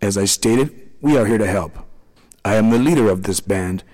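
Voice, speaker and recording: A man playing a kindly tiny man from a storybook, the gentle leader of the little people. He speaks slowly and softly in a low voice, and a long reverb trails behind each word. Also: lightly acted. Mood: soothing. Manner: soothing, slow and gentle.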